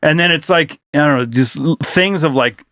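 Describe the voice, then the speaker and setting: A man co-hosting a podcast in casual chat, telling animated stories, acting out what people said and swearing freely. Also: a little high, normal speed, no echo, clean studio sound. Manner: animated storyteller, acts out quotes, swears freely. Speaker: podcast co-host.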